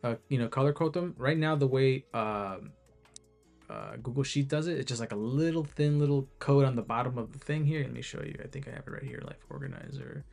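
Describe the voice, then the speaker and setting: Over soft background music, an app's creator talks through a screen-share video in a casual, rambling way, restarting sentences and filling pauses with "you know." His medium-pitched voice is fairly quick, gravelly and a little mellow.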